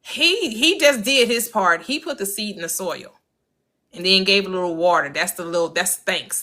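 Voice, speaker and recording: A woman in a casual faith-based discussion, earnest and preacherly, slowing down for emphasis. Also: medium pitch, sing-song, sharp tone.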